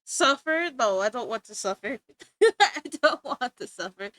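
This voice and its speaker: A woman's voice: fairly high pitch, animated, unhurried, bright, forceful tone, no echo. A woman streaming live while she draws, chatting casually and playfully, giggling and making exaggerated complaints.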